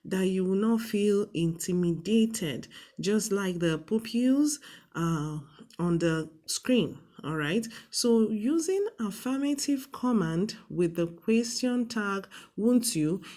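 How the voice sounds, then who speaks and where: A woman's voice: medium pitch, lively intonation, warm tone. A woman teaching a grammar lesson for a TV series, explaining patiently and checking in with "okay?" after each point. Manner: slow, patient, repeats "okay?" and "all right?". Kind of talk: classroom lesson on TV.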